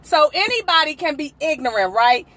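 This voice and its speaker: A woman's voice: high voice, big pitch swings, moderate pace, fairly bright tone. A woman hosting a casual livestream from her parked car outdoors, chatty, greeting viewers by name and laughing often. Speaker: livestream host.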